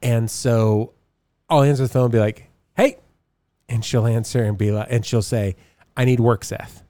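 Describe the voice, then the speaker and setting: A middle-aged man co-hosting a podcast in casual chat, telling stories with quick self-deprecating asides. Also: medium pitch, steady tone, warm tone, dry recording. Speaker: podcast co-host.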